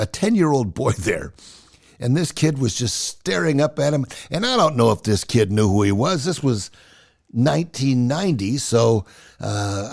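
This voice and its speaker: An older man in his sixties with a gravelly edge spins personal stories in a casual, chatty way. His voice rises and falls freely as he tells them. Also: mid-range voice. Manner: animated, chatty storyteller. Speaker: storyteller.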